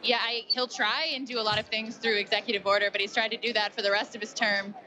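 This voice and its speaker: Woman interviewee, relaxed, measured answers, clear crowd noise behind. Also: fairly high pitch. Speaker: interviewee at an election event. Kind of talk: casual on-the-spot interview.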